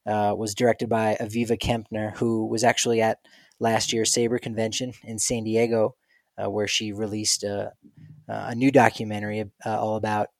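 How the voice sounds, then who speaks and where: A man's voice: lowish voice, level tone, normal speed, dry recording. A man co-hosting a podcast, chatting casually and telling stories with playful quoted voices. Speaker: podcast co-host. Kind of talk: casual chat.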